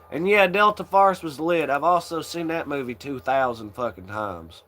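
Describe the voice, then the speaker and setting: A man's voice: a little high, sharp tone, a little hiss or hum. A young man hosting a casual chat, rambling in a laid-back way, swearing often and laughing along. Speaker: channel host.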